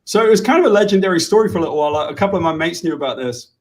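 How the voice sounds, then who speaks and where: A man's voice: a little high, expressive, rapid-fire, low-quality recording. A man telling a story in casual chat, blunt and brash, swearing freely, on a video call. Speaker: comic book writer.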